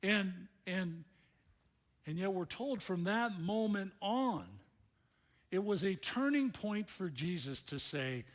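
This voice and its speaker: A male pastor preaching a sermon in an animated, conversational storytelling manner. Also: high-pitched, takes it slowly.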